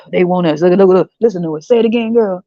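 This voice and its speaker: A woman voicing cocky, boastful young men abroad, low and smug. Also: fairly quick, mellow, no echo, close to an everyday voice. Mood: hyped. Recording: dry, slightly dull recording.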